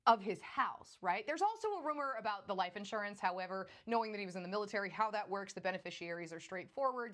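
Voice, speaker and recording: A woman's voice: mid-range voice, fairly bright tone. A woman hosting a casual recap, chatting sarcastically and speaking straight to her viewers. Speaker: host.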